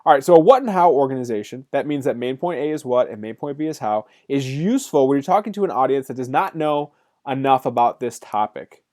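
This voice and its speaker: Fast-talking upbeat male instructor. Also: mid-range voice, animated, a little mellow. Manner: upbeat and jokey, addressing students directly. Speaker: college instructor. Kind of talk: recorded online course lecture.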